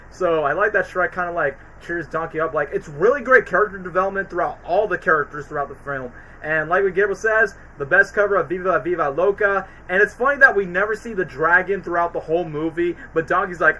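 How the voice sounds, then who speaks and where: A man's voice: high voice, a little fast, pushed and bright, rough recording. A young man hosting a casual livestream, rambling in slangy speech full of "like" and "bro". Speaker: streamer host.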